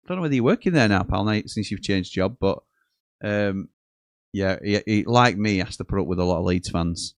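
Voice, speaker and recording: Low-voiced chatty host. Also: male voice, moderate pace, clear, resonant tone, no echo. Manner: chatty, jokey, reads out messages and chuckles often. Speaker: football watchalong host. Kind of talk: live casual commentary reading viewer chat.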